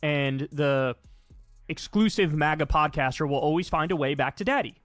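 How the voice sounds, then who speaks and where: A man's voice: a little high, moderate pace, fairly bright tone, soft background music. A man arguing his side of a political debate emphatically, with frequent swearing. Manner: emphatic, profane. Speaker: debate participant. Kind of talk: heated political argument.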